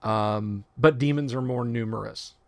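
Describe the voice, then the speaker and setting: A man with a gravelly, mid-pitched voice reads game rules on a livestream. He works through the text at an easy pace, stopping for joking asides and correcting himself as he goes. The sound is dry and close to the mic. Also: unhurried, a little mellow, dry recording. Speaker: livestream host. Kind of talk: casual livestream reading and commentary.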